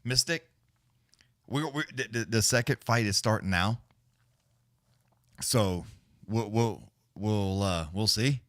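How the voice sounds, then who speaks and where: A man's voice: fairly low pitch, a bit bright, no echo, studio quality. A middle-aged man hosting a livestream, chatting and calling fights in a rambling, profane, laid-back way. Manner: fast play-by-play calling during fights. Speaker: livestream host giving fight commentary. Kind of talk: casual live-stream commentary.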